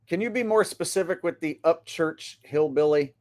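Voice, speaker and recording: A man's voice: fairly high pitch, normal speed, a little mellow. A man hosting a casual livestream, rambling through his commentary with frequent hesitations. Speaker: channel host.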